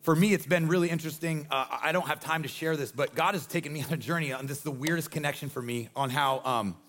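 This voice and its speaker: A man in his forties preaching a sermon as pastor, energetic and emphatic with repeated refrains. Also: fairly high pitch, fast talker. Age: 40s.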